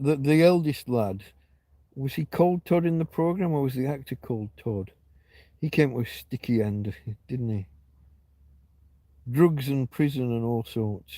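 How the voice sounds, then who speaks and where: A dry recording captures a middle-aged man's dark, medium-pitched voice as he livestreams casually from home on his phone. The talk rambles and reminisces, and he often trails off and begins his thoughts again.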